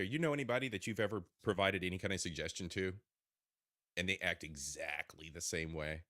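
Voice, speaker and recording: A man hosting a reaction show, talking excitedly and repeating himself as he speaks to viewers. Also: low-pitched, a little fast, dry recording, clean studio sound. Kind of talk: reacting to a video.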